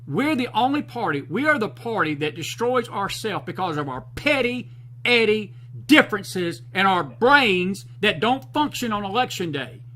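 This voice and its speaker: A man's voice: sits high, sing-song, moderate pace, bright, forceful tone, low-quality recording. A man hosting a talk show, delivering fired-up political commentary in a folksy, preachy, emphatic way.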